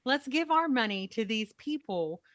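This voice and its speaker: A woman's voice: fairly high pitch, expressive, moderate pace, over a noisy crowd. A woman from Ohio co-hosting a morning radio show, teasing and dry, often restarting her sentences. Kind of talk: casual banter.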